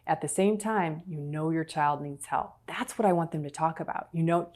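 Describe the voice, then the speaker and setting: A woman's voice: fairly low pitch, moderate pace, few pauses, mellow. A middle-aged woman lecturing on a clinical skill, explaining step by step and acting out sample patient and clinician lines. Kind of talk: recorded virtual lecture.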